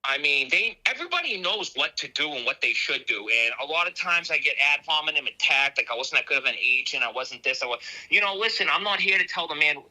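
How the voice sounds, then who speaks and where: Fast, bright Boston man, earnest. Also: a little high, very animated, rough recording. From Boston area, US. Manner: earnest, heartfelt, choked up. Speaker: guest, border agent. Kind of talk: emotional remote interview talk.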